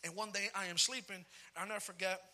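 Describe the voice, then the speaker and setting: A man in his thirties preaching a comic personal story, animated and dropping in Spanish phrases. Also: sits high, fast. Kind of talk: storytelling sermon.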